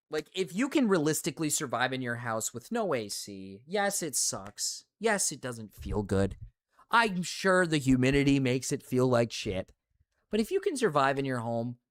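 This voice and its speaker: A man's voice: medium pitch, no echo, studio quality. A young man streaming live, ranting casually with lots of swearing and repeated phrases. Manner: ranting, profane, repeats himself. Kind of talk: casual livestream rant.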